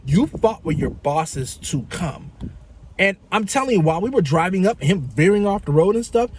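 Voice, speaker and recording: A man's voice: high-pitched, big pitch swings, moderate pace, darkish tone, a little hiss or hum. A man vlogger telling a story in a casual, profane, exasperated rant.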